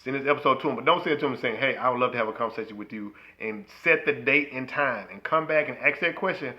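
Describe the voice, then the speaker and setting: Lively, playful man co-hosting a podcast. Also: medium pitch, fast talker, muffled recording. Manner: playful, preachy, bursts of loud excited laughter. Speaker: podcast co-host. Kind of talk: casual chat.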